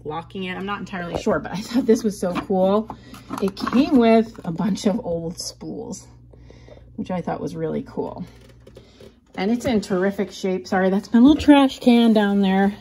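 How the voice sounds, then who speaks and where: A middle-aged woman talks casually into a camera mic as she walks through her house, gushing over her bargains. Her voice sits at an ordinary middle pitch, and a faint household ambience hums underneath. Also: slight background noise. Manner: chatty and enthusiastic, gushing about finds. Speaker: home decor vlogger. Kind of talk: casual vlog show-and-tell. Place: at home, moving between rooms and outdoors.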